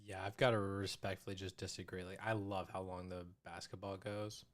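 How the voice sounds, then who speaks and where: A man co-hosting a movie review podcast, talking casually and excitedly into a close mic, with quick restarts. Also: low-pitched. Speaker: podcast co-host.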